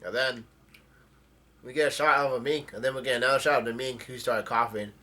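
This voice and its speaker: Man, bright forceful voice, casual halting comic recap. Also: medium pitch, steady tone. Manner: halting, with frequent restarts while retelling scenes. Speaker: manga chapter reviewer.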